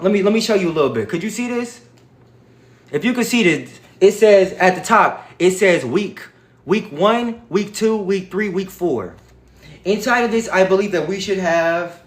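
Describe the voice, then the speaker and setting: A man hosting a livestream, talking in an animated, profane, preachy way. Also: high voice, echoey room. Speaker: livestream host. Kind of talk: casual livestream talk.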